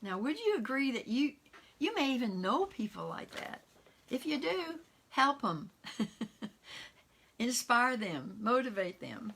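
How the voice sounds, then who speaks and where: A woman minister preaches an online sermon in a relaxed, conversational way. She weaves quotations into her talk and laughs softly from time to time, with her voice sitting at an ordinary middle pitch. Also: slow pace. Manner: warm conversational preaching with quotes and soft laughs.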